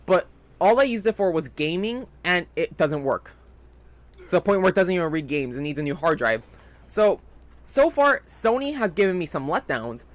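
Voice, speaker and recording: A man's voice: high-pitched, big pitch swings, moderate pace. A young man rambling casually in gameplay commentary, chatty and full of fillers. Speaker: gaming channel host.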